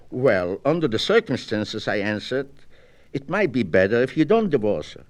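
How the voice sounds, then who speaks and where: Man reading a story aloud, dry and lively. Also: mid-range voice, moderate pace, no echo.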